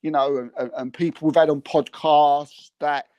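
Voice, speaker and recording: A man's voice: on the high side, fairly even intonation, normal speed, darkish tone, no room sound, muffled recording. A man, a podcast co-host in casual football chat, talking in a rambling, heated, mocking way and repeating words.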